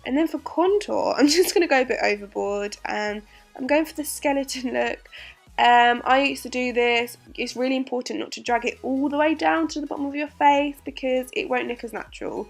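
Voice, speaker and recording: Hoarse, chatty woman with a gravelly voice. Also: high voice, fairly quick, faint music behind. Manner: chatty, giggly, frequent ums. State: hoarse, unwell. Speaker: beauty vlogger. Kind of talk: casual makeup tutorial narration.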